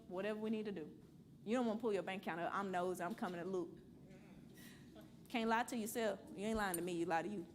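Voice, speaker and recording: A woman's voice: a little high, a little hiss or hum. Blunt, playful woman teaching a money class. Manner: blunt, playful, preachy, calls and asks the room. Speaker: financial class teacher at a church. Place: church classroom with a group.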